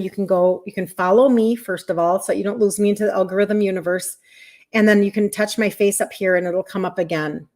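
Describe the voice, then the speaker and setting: A woman in her fifties with an American accent, hosting a live stream as a health coach, chatting casually, laughing often, answering viewers by name. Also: mid-range voice. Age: 50s. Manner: chatty, rambling, quick laughs, talks straight to viewers.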